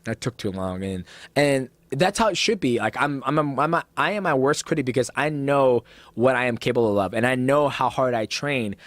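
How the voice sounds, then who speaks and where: Man, thirties, pro fighter, animated storyteller, does voices, swears a lot, mid pitch, dry studio sound. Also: moderate pace, dry recording. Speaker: professional fighter, guest. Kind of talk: casual podcast conversation. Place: podcast studio.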